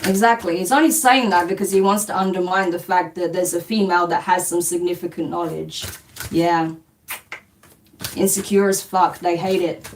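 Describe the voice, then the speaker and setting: Woman streamer, low-ish tone, blunt and sweary, reading viewer comments; mic a bit far off, faint noise behind. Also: fairly even intonation, moderate pace. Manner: blunt and dismissive, swears casually, laughs often. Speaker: spiritual reader hosting a live stream. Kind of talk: casual live-stream chat answering comments.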